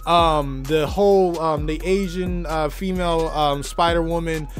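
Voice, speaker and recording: A young man with a hoarse, worn-out voice giving an enthusiastic, rambling movie review full of fillers. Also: on the high side, fairly even intonation, unhurried, faint music behind. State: hoarse, tired voice. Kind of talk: casual movie review vlog.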